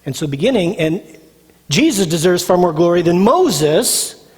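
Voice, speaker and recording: A man's voice: sits high, sing-song, unhurried, darkish tone, slightly rough. A male pastor preaching a sermon, emphatic and repetitive, asking the audience questions and answering them himself. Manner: emphatic, repeats phrases, asks the audience questions. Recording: long hall reverb.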